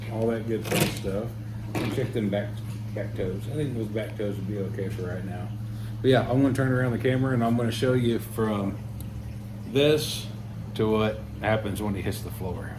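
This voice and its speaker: A man, chatting casually to the camera and his dog while he grooms it indoors. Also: fairly low pitch. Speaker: dog groomer and pet owner. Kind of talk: casual vlog narration. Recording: echoey room with loud ambient noise.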